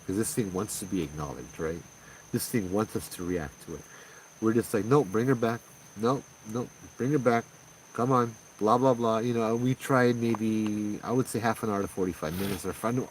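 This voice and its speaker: A man with a Hawaiian accent tells a ghost story in an easy, conversational way, slipping into the voices of the people in it. His voice sits on the low side and comes from a little way off the mic. A faint hum of crickets carries behind him. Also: normal speed. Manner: conversational, animated retelling with quoted voices. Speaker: paranormal storyteller. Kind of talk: casual spoken ghost story. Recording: distant mic with faint background noise.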